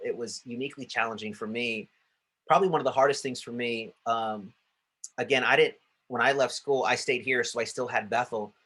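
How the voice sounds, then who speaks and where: Bright-voiced man giving an animated talk. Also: medium pitch. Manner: animated, acts out quoted dialogue. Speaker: ministry school staff speaker. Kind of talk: casual talk to alumni.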